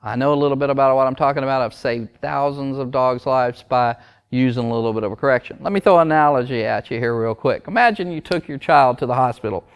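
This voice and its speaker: A man's voice: mid-range voice, quick pace, clear, resonant tone. A man, a dog trainer, ranting to camera in a blunt, emphatic, preachy way. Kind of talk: opinion rant to camera.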